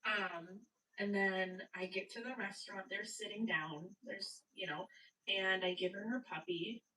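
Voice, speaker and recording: A woman's voice: mid-range voice, a little slow, far from the mic, rough recording. Stuffy-nosed woman telling a story. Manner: chatty, animated, swearing. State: stuffy nose. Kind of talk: casual live-stream storytelling. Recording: voice away from the mic.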